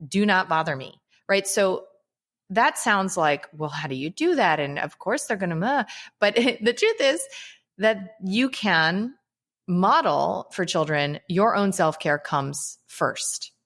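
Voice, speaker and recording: A woman's voice: medium pitch, lively intonation, slow pace, a bit bright. A woman talking as a guest in a casual, reflective interview, earnest and sprinkling in "you know" and "right?". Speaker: guest, holistic psychiatrist and author.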